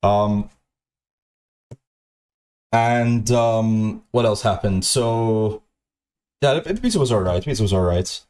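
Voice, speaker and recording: A man's voice: on the low side, slow pace, long pauses, a little mellow. A man streaming to his chat, telling a story in a casual, profane, rambling way, stammering through restarts and swearing a lot.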